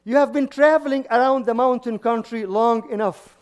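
High-voiced priest preaching, halting restarts. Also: male voice. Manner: frequent restarts and repeated words, chuckling asides. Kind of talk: sermon.

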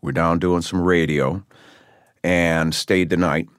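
An older man from Michigan, a guest musician, telling stories in an interview with animated, lively delivery. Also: deep voice, slow pace, clear, resonant tone, dry recording, studio quality. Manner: animated storyteller, acts out voices in his anecdotes. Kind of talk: interview storytelling.

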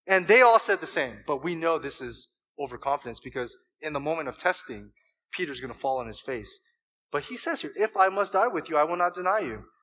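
A man preaching a sermon, animated, acting out scripture quotes with emphasis and joking with the congregation. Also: a little high, fairly quick, poor audio. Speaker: pastor.

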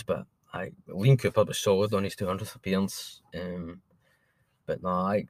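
Sweary man, low dry voice. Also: moderate pace, dry recording. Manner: sweary, blunt and excitable. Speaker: podcast co-host. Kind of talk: casual football chat.

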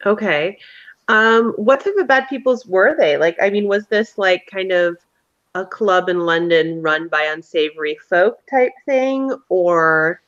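A woman's voice: on the low side, expressive, measured pace, a bit bright, dry recording, highs cut off. A woman running a tabletop roleplaying game as game master, prompting her players with friendly questions.

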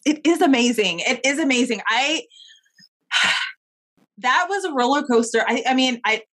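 A woman's voice: high-pitched, animated, normal speed, a bit bright. A woman hosting a casual interview chat, enthusiastic and supportive, often restarting her sentences.

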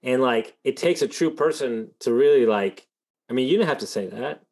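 A man's voice: mid-range voice, animated, normal speed, darkish tone. Rambling man telling a long story. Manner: rambling, full of "like" and "uh" fillers. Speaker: podcast host. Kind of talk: conversational storytelling.

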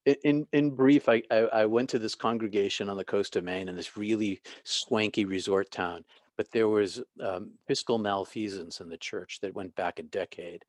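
A man, a former pastor and end-of-life counselor, telling stories as an interview guest with halting restarts. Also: fairly low pitch, fairly even intonation, no room sound, clean studio sound. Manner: halting, many restarts, vivid retelling.

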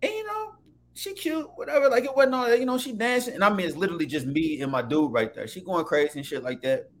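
A man telling a story in casual chat, animated and profane, often laughing. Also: sits high, quick pace.

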